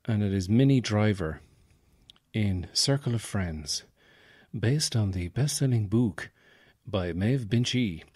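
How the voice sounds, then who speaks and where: A man's voice: lowish voice, animated, slow pace, darkish tone, husky, no room sound, studio quality. A man hosting a podcast in rambling, jokey casual chat. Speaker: podcast host.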